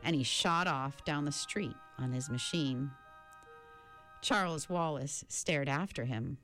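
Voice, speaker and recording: A woman narrating a children's novel in an expressive reading voice. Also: slow pace, soft background music. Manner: expressive reading with a lively pitch. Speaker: audiobook narrator. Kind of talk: storybook narration.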